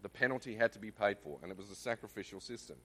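A man's voice: lowish voice, rapid-fire, a bit bright. An Australian man giving a conversational Bible teaching in church, often checking in with the congregation. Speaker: lay preacher.

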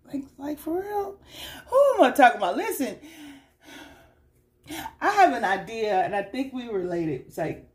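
A woman giving a casual tarot reading to her viewers, chatty and slangy, teasing and scolding the listener and often asking "you know what I'm saying?". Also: high voice. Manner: teasing and scolding the listener with sudden loud bursts. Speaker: tarot reader.

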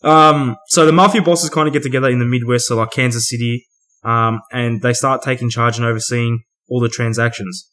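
A man hosting a casual podcast, recapping a film in a relaxed, profane way, laughing often and acting out characters' lines. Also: mid-range voice, a little fast. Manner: laid-back, swears freely, laughs often, acts out lines. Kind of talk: casual chat.

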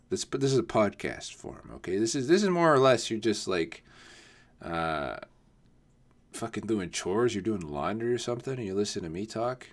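A man rambling in a casual solo podcast, swearing often and laughing at himself. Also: fairly low pitch. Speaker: podcast host. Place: home, not on camera.

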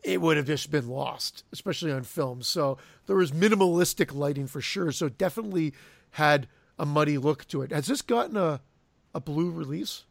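Male podcaster, slightly high, dry close sound, measured and thoughtful. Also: expressive, vocal fry, dry recording. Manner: thoughtful, searching for words. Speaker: podcast co-host. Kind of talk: casual film review chat.

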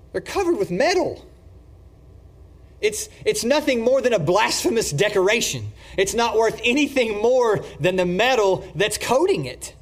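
Slow, high-voiced male preacher. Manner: emphatic preaching, swings from loud to hushed. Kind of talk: sermon.

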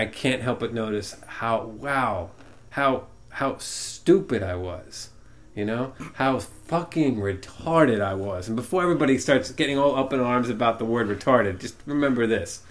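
A man's voice: medium pitch, normal speed. A man co-hosting a podcast, rambling and swearing in an upbeat, casual way. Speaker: podcast co-host.

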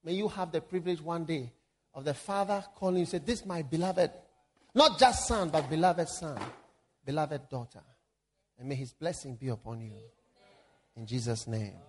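A man preaching a sermon, moving between loud emphatic calls and hushed prayer. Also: a little high, normal speed, slight background noise.

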